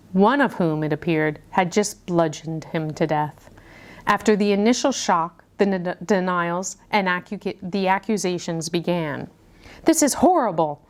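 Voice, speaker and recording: A woman reading a murder mystery story aloud, narrating with dramatic storytelling. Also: fairly low pitch. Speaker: puzzle channel host.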